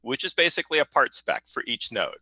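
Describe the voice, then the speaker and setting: A man, a software developer, explaining a technical problem in a meeting, hesitant and full of fillers. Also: mid-range voice, expressive, brisk, breathy edge, dry recording, poor audio. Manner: hesitant, many fillers and restarts.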